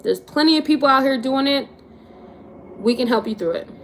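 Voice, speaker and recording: A woman's voice: high-pitched, animated, fairly quick, a little hiss or hum. A young woman in her twenties chatting casually on a livestream, answering viewers in a laid-back, slangy way. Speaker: vlogger answering live chat.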